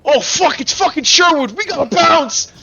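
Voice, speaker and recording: A man voicing a panicky young male street thug with a high, yelping voice. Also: expressive, moderate pace, gravelly, bright, forceful tone, muffled recording, heavily acted. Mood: alarmed.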